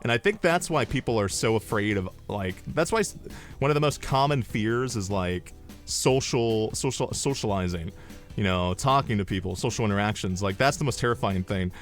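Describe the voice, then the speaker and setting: A young man streaming, telling stories in an animated, rambling way, swearing and drifting into asides. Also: on the low side, moderate pace, soft background music. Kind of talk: casual storytelling on a livestream.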